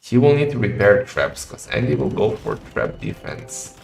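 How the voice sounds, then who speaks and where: A man casting a live strategy game match in a chatty style that rises to excited shouting in fights. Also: fairly low pitch, moderate pace, gravelly. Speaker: game caster. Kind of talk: live esports commentary. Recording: roomy echo with faint music.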